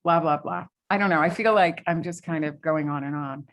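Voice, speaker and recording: Woman author, from New England, lower pitch, hesitant fillers between passages, reading from her own novel. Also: brisk. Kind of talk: reading aloud from her novel at a library talk.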